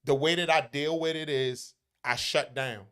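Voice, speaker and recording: A man talks in a casual chat, blunt and profane. His voice is smooth and clear and sits fairly high for a man. He speaks with brash emphasis. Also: fairly even intonation, normal speed, a bit bright.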